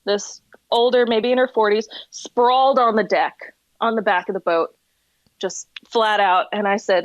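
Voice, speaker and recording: A woman guest on a chatty podcast, spinning boat stories with animated energy and frequent laughs. Her voice sits at an ordinary middle pitch. The sound is close and dry, with no room around it. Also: normal speed, dry recording, lo-fi sound. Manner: animated storyteller, laughs often. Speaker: whale watching tour guide, podcast guest. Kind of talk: casual chat, storytelling.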